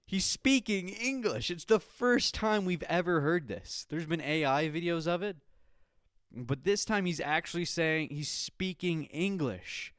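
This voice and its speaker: A man hosting a podcast in casual chat, excitable and swearing freely, calling the listener dude. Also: a little high, measured pace, clean tone, no room sound, clean studio sound. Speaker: podcast host.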